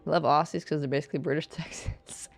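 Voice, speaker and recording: A woman with a Southeastern US drawl chats through a video game stream, her voice sitting low with a gravelly fry. She rambles and stumbles over fillers as she goes. Soft game music plays faintly behind her. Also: steady tone, fast talker. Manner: rambling, chatty, trails off with stammered fillers. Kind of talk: casual chat while playing a video game.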